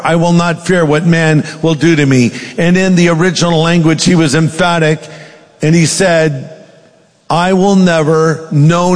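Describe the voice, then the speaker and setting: A man's voice: on the high side, darkish tone, long reverb tail. A male pastor preaching a sermon, reading scripture aloud with dramatic emphasis.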